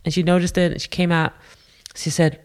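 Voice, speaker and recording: A woman telling a personal story in a candid, halting, self-deprecating way. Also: on the low side, flat delivery.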